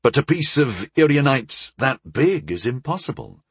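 A man voicing a wise, calm old male hedge mage who speaks slowly in a low, measured, husky voice. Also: no room sound, heavily acted.

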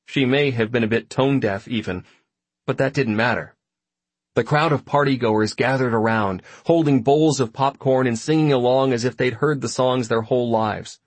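A man narrating a first-person story audiobook in a reflective, even manner. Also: medium pitch, normal speed, no room sound.

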